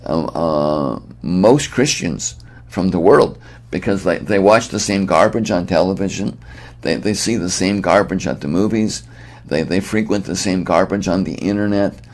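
A man's voice: deep voice, moderate pace. A middle-aged man preaching an earnest, emphatic sermon, often restarting his phrases.

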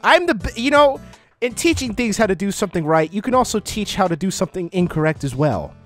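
A man giving casual gameplay commentary close to his microphone, joking at his own expense, laughing often and breaking into sudden excited outbursts. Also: high voice, quick pace, soft background music. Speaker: gaming YouTuber.

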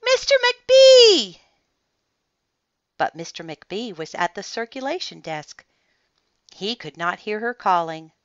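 A woman reads a children's picture book aloud, slowly and with a very lively, rising and falling voice. Her tone is bright and fairly low-pitched. The recording is dry and slightly dull, like a lo-fi home setup. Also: dry recording. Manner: expressive, deliberate storytelling. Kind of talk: storybook read-aloud.

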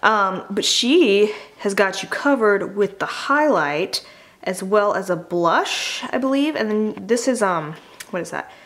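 A woman's voice: medium pitch, animated, unhurried, fairly bright tone. A woman beauty vlogger and makeup artist, chatting casually and enthusiastically as she unboxes products, with plenty of fillers.

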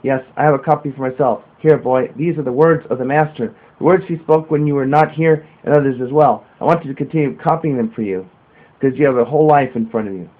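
A man's voice: medium pitch, quick pace, lightly acted. A man reading the part of a sorrowful, resigned older male disciple. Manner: sad, resigned. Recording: narrow phone-like sound.

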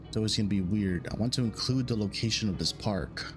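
Over music, a young gaming YouTuber delivers casual let's-play commentary on a horror game. His lowish voice runs fast, and he's chatty and jokey, reading the game's lines aloud.

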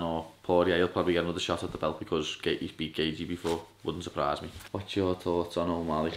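A young man with a Scouse accent, chatting casually in a vlog, loud and swearing, saying "lad" every few words. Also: deep voice, a little hiss or hum. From Liverpool, England. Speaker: fighter vlogging.

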